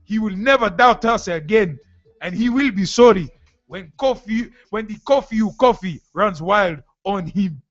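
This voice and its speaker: A solemn, boasting male witch doctor speaks in a high, mock Ghanaian accent, as a man puts him on. He sounds menacing and sure of his spell. The lo-fi call audio dulls the sound. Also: expressive, measured pace, no room sound. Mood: wrestling promo.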